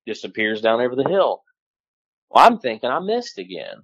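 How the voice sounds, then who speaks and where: A man guest telling a lively hunting story, casual and profane, with lots of fillers. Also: medium pitch, moderate pace, slightly rough, lo-fi sound. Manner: animated, swears casually, many fillers. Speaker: guest hunter.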